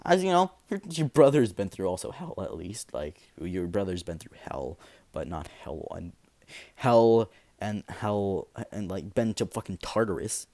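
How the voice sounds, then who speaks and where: A man's voice: on the low side, very animated, a little slow, dark tone. A young man improvising a fan story, rambling with many fillers and restarts.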